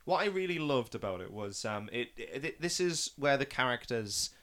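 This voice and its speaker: A young man hosting a casual film chat, rambling with fillers and restarts and bursting into excited impressions. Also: medium pitch, moderate pace. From Northeast England. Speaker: podcast host.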